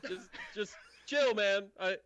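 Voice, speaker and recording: A man voicing a jumpy male railway guard in a tabletop game, talking high, fast and flustered, on a dull lo-fi stream recording. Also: a bit bright, clean tone, no echo.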